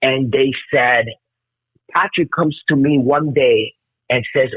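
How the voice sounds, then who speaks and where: A man in his fifties from Cuba, telling stories as a guest musician in an excitable, rambling way, swearing a lot. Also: medium pitch, slow pace, breathy edge, no room sound. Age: 50s. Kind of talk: casual storytelling interview. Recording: tinny phone-like call line.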